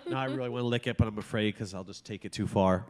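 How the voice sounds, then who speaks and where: A man, likely in his thirties, co-hosting a casual podcast and telling stories with lots of swearing and animated outbursts. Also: fairly low pitch, fast. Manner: animated, profane storytelling. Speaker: podcast co-host.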